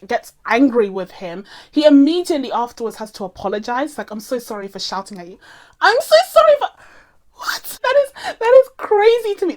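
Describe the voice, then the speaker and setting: A young woman giving a casual spoken review of a TV series, animated and quick to laugh. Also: a little high. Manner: animated, laughs often, acts out characters' lines. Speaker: film and TV reviewer.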